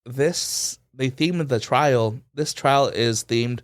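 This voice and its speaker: This podcast co-host speaks in a mid-range voice at an unhurried pace. He retells a story in a loose, lively way, performing other people's lines and leaning heavily on fillers such as "like."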